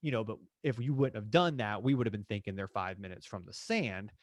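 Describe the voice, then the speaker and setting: A man's voice: fairly low pitch, fairly quick, no room sound, studio quality. A man coaching real estate agents in a live online session, acting out client and agent dialogue with energy.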